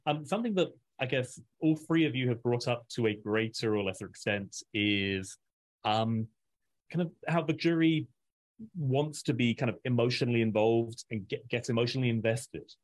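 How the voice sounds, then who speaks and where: A man's voice: mid-range voice, normal speed. A man moderating a panel discussion, polite and hesitant, with many fillers.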